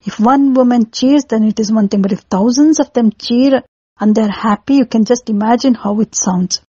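Woman telling an old epic story, chatty, explains stuff with everyday examples, slightly high voice, dry dull sound. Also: moderate pace, dark tone, breathy edge, no echo. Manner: chatty, explains with everyday comparisons and acted cries. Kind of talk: casual storytelling narration for children.

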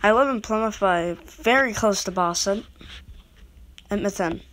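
A woman's voice: medium pitch, a little slow, a bit bright. A woman making a casual video who rambles and interrupts herself while talking straight to her viewers. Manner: rambling, self-interrupting, talks to viewers directly. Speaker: video creator rating goal horns. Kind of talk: casual rambling vlog talk.

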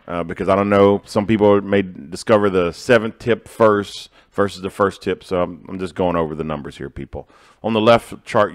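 An American man coaching food truck owners, presenting business tips over charts in an upbeat, motivational way and talking straight to his viewers. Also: sits low.

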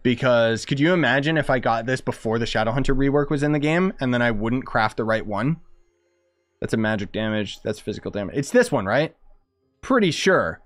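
A young man commenting casually while streaming a game, excitable and chatty, thinking aloud as he plays. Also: medium pitch, a little fast. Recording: dry close sound with faint music.

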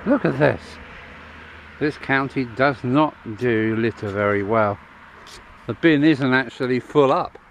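A man's voice: medium pitch, a little slow, a bit bright. Middle-aged male vlogger, loose rambling delivery with fillers, recorded outdoors on a handheld camera with faint background noise. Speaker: travel vlogger and truck driver. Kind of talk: casual travel vlog to camera. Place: outdoors in countryside by a roadside and an old wall.

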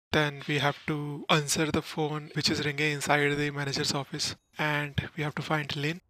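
A man's voice: a little high, sharp tone, dry recording, rough recording. A man casually commenting on a game walkthrough, explaining each step plainly. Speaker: gaming channel host.

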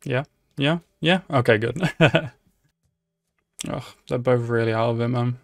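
A young man giving casual, excitable anime reaction commentary, swearing freely and talking back at the screen. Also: medium pitch, slow pace, creaky, no room sound, clean studio sound. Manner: excitable, swears a lot, laughs and shouts at the screen.

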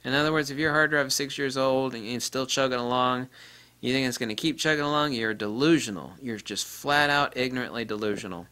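A man giving an off-the-cuff repair tutorial, blunt and profane, ranting and mimicking people in high-pitched quotes. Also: brisk, sharp tone, clear, resonant tone. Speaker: DIY repair presenter.

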